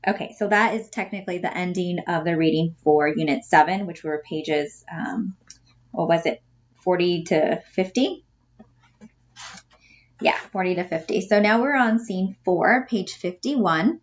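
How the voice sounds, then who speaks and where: A woman teacher reading a play's stage directions aloud for her class, plain and steady. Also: on the low side, moderate pace, muffled recording.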